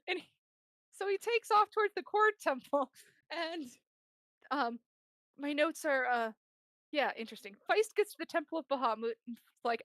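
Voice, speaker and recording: A woman's voice: high-pitched, lively intonation, fairly bright tone, no room sound. A woman game master recapping the last sessions of a tabletop game, rambling and laughing as she quotes the players. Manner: laughing, rambling, quoting players in quick asides.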